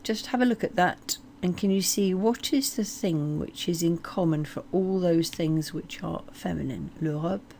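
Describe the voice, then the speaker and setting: A woman teaching French place names, slowly modeling each word. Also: on the low side, gravelly, warm tone, slight background noise. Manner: slow, deliberate modeling of French words. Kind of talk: explanatory language lesson.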